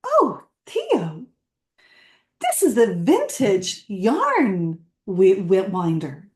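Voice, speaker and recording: A woman voicing a cheerful elderly retired engineer who exclaims brightly, in a roomy echo. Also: sits high, very animated, takes it slowly, voice pushed up, full character voice. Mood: delighted.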